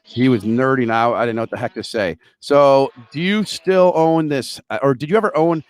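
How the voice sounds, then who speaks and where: A male host of a live market chat show, excitable and joking, tumbling over his own words as he goes. His voice is smooth and resonant, and it sits close and dry with no room around it. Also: mid-range voice, moderate pace, dry recording. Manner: excitable, joking, scattered restarts.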